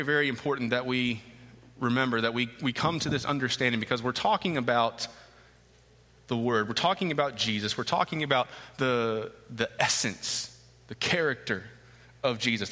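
A man preaching a sermon as pastor, emphatic and repeating key phrases with slow, deliberate stresses. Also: medium pitch, pushed and bright, in a large hall. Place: church sanctuary.

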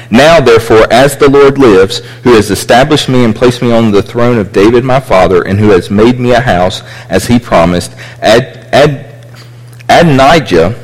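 A man teaching a sermon, explaining scripture with frequent restarts and asides. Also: medium pitch. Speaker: preacher. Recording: echoey hall with long reverb.

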